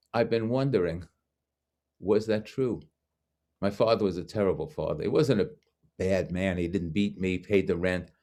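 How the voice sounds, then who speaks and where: A man's voice: fairly low pitch, a little mellow. An older man from Brooklyn telling a personal story over a video call, reflective and acting out the voices of people he quotes. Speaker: guest speaker.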